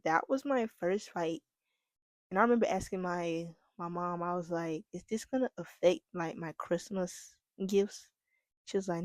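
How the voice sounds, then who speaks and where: Young female podcast host, animated storyteller, dry close mic. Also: on the low side, moderate pace, no echo. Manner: animated, laughing, addresses listeners as y'all. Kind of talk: casual storytelling monologue.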